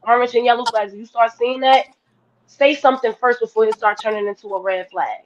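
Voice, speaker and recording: A woman's voice: fairly high pitch, fairly even intonation, fairly quick, a little hiss or hum. A woman on a podcast panel, talking bluntly and emphatically in casual discussion. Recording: dull lo-fi podcast audio.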